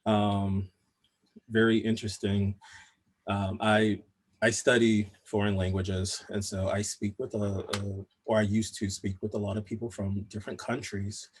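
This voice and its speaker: Husky low-voiced man, plain American. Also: unhurried. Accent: General American. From Southern United States. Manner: relaxed storytelling with frequent light laughs. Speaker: panelist. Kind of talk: panel discussion over video call. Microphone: video call.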